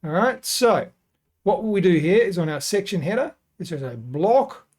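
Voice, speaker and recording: A man hosting a software tutorial, talking casually and thinking aloud as he works through each step. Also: high-pitched, very animated, normal speed. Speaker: web design tutorial host. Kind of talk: screen-recorded software tutorial.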